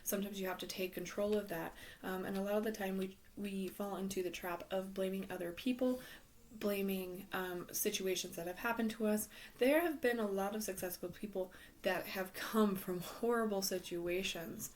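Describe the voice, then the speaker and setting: A woman's voice: mid-range voice, fairly even intonation, moderate pace, slight background noise. A woman giving a tarot reading in a casual, advising way, losing her voice, with frequent ums and some half-whispered words. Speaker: tarot reader.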